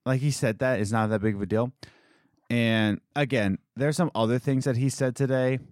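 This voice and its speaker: A young man vents about his coffee shop job in a loose, rambling chat. His voice is mid-pitched and sits close and dry on the mic, with no room sound around it. He keeps circling back, exasperated, and mimics others in mocking tones. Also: steady tone, normal speed, darkish tone, no room sound. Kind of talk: casual chat.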